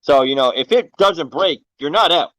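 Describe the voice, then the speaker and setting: A man guesting on a podcast, telling stories in an animated way with heavy swearing. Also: a little high, normal speed, no room sound, poor audio. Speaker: guest, paintball event organizer. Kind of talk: casual podcast chat.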